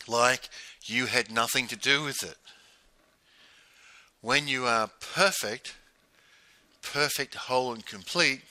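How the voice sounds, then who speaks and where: A man's voice: mid-range voice, pushed and bright, dry recording. A man giving a motivational business coaching talk, emphatic and repetitive, asking rhetorical questions of the listener. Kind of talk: motivational monologue.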